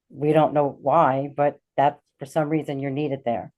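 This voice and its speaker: A middle-aged woman with a low, mellow voice tells a personal story as a talk-show guest. She is animated and slips into the voices of the people she quotes. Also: moderate pace, few pauses. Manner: animated, acts out quoted dialogue. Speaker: guest, intuitive healer.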